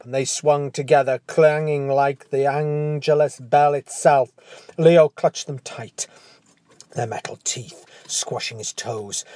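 A man narrating a storybook tale in a hushed, dramatic manner that often drops to a whisper. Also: mid-range voice.

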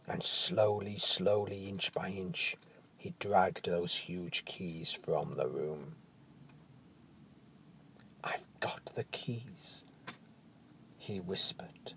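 A man narrating a storybook tale in a hushed, dramatic manner that often drops to a whisper. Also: low voice, steady tone, takes it slowly, vocal fry, a little hiss or hum.

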